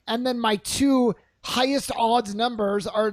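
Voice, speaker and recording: Young guy podcasting, bouncy pitch, stammery and laughy, dry close mic. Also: moderate pace, few pauses, no echo. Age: young adult. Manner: animated, laughs often, stammers on restarts. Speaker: podcast co-host. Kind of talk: casual chat.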